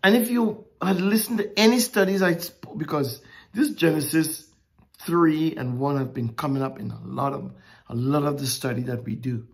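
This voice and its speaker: A woman preaching a sermon, emphatic and drawn-out with dramatic pauses. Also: sits low, gravelly, breathy edge.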